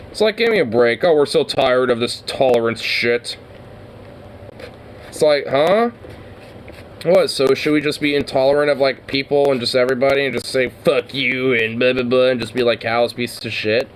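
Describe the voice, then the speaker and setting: A man's voice: mid-range voice, moderate pace, a little hiss or hum. A man casually commenting on clips in a rambling, foul-mouthed way and laughing often. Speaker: streamer reacting to clips.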